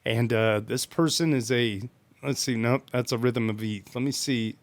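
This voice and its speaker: A man's voice: medium pitch, normal speed. Upbeat man reading forum posts. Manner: reads posts aloud with playful asides and hype. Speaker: live stream host. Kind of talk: casual live-stream chat, reading forum posts aloud.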